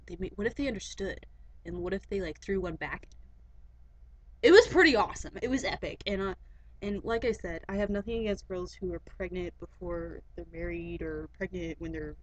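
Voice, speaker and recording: A woman's voice: on the low side, low-quality recording. A teenage girl giving a casual, rambling webcam rant, chatty and full of fillers and asides. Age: teens.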